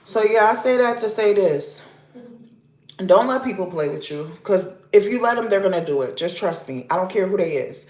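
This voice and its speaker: A woman's voice: medium pitch, expressive, moderate pace, a little mellow. A woman vlog host giving blunt, repetitive life advice in a casual talk to camera at home. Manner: emphatic, repetitive, preachy. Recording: roomy echoey room.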